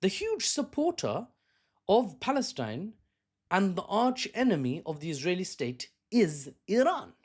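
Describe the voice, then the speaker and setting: A man's voice: sits high, huge pitch swings, measured pace, breathy edge. A man giving casual political commentary, conversational, often correcting himself and adding joking asides.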